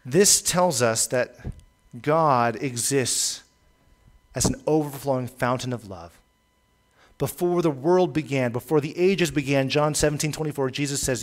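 Brief: male pastor, sermon delivery, emphatic and repetitive, mid-pitched voice. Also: normal speed. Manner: emphatic, repeats key lines for weight, occasional stumbles.

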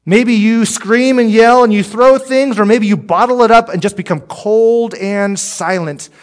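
A man preaching a sermon as pastor, earnest and direct, swinging between emphatic lines and hushed ones. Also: high voice, unhurried. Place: church, streamed online.

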